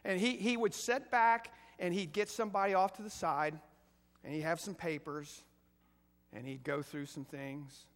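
A man's voice: sits high, steady tone, normal speed, fairly bright tone. A man preaching a conversational sermon as pastor, asking the congregation questions and rising to emphatic peaks. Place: church sanctuary. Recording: echoey hall.

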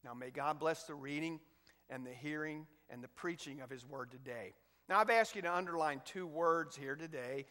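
A man's voice: fairly high pitch, moderate pace, bright, forceful tone, in a large hall. A male pastor preaching a sermon, emphatic, reading scripture aloud between points, with an occasional cough. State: coughing now and then.

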